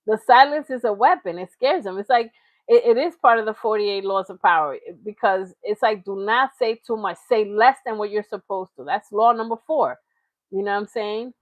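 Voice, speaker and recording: A woman's voice: medium pitch, moderate pace, dry recording. A woman hosting a reaction channel, talking in casual, chatty commentary with frequent laughs. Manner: chatty, laughing, slips into mocking impressions.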